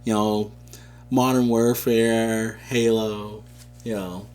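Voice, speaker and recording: A man co-hosting a podcast, telling stories in a casual, animated, slangy way. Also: on the low side, takes it slowly, soft background music. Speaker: podcast co-host. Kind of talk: casual chat.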